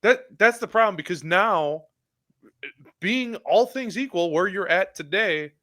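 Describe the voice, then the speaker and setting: A man's voice: high-pitched, lively intonation, a little slow, bright, forceful tone. A man co-hosting a sports podcast, chiming in with agreement and support. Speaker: podcast co-host. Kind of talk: casual sports talk.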